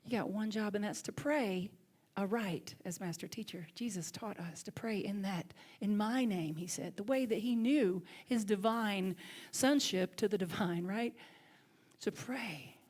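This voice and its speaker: A middle-aged woman with a Southern accent, a minister giving a sermon in lively storytelling that sometimes drops to soft, hushed tones. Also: medium pitch, unhurried.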